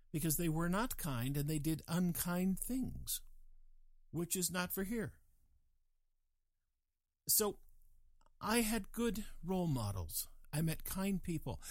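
A man musing in a casual monologue, digressive and animated, with chuckling asides. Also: fairly high pitch, no room sound.

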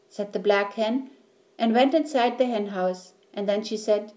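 A woman reading a children's story aloud, slowly and clearly. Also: mid-range voice, warm tone. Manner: slow, clear, deliberate reading.

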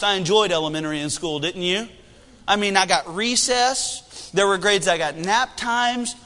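High, bright-voiced preaching man. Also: long reverb tail. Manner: animated preaching with humor. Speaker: pastor. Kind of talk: sermon.

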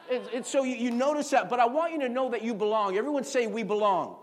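A man's voice: very high-pitched, quick pace, few pauses. A middle-aged man preaching a sermon as pastor, calling for responses and often repeating words as he tells stories. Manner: call-and-response, repeats words, animated storytelling.

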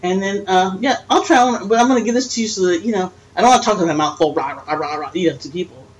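A woman's voice: lowish voice, fast talker, rough recording. An older woman talks casually as a podcast host, rambling in a friendly, teasing way. She laughs often between thoughts and keeps the chat loose and unscripted. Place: friend's house, dim room.

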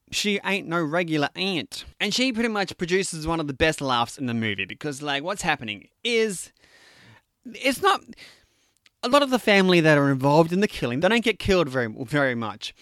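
A man talks through a movie review in a loose, rambling way, full of fillers and restarts. His voice is fairly high for a man, smooth and clear. The recording is dry and close. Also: a bit bright, no echo. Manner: rambling, filler-heavy, acts out scenes in quotes.

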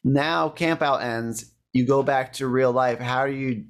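A man hosts the interview, asking his questions in a calm, measured way. His voice sits at an ordinary pitch.

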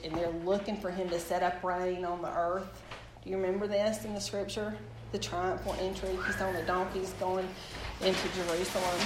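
Storytelling woman preaching in an echoey room. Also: fairly low pitch. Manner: storytelling, animated, addresses the audience directly. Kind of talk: sermon with personal testimony. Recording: echoey room with faint background noise.

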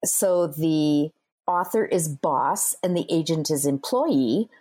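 A woman's voice: sits low, slow, mellow, husky. A woman guest, an author and literary agent, who explains her views thoughtfully in an interview. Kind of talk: conversational interview.

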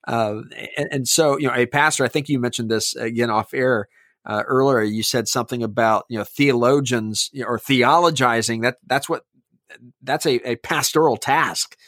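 A man's voice: mid-range voice, moderate pace, a bit bright, no echo, studio quality. A man who is a pastor, talking earnestly and emphatically in a podcast conversation.

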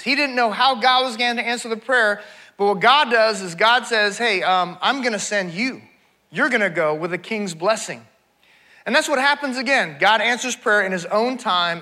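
A man's voice: high voice, sharp tone. A middle-aged male pastor preaching a sermon, repeating his key points for emphasis.

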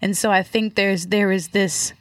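A woman giving a reflective faith testimony, searching for words with many halting restarts. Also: medium pitch, steady tone, dry recording, clean studio sound. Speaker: guest.

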